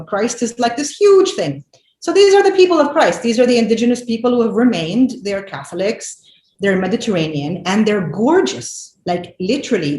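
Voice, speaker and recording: A woman in her forties with a low voice speaks in an animated, emphatic way as a filmmaker guest. She keeps restarting her sentences and filling gaps with "like" and "you know." Her voice rings in an echoey room over faint background noise. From Lebanon. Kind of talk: conversational interview.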